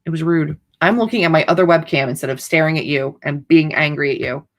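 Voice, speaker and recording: A woman's voice: low-pitched, quick pace. A woman author hosting a livestream, chatting casually in a rambling, playfully dramatic way. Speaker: author hosting writing sprints.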